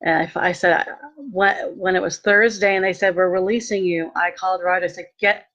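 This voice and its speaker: A woman recounts a personal ordeal with a bright, forceful voice. She brings each exchange to life and grows earnest and preachy as she turns to faith. The recording sounds dull and lo-fi. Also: on the low side, fairly quick. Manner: animated, acts out quoted dialogue. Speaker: vlogger sharing a personal testimony. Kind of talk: personal storytelling.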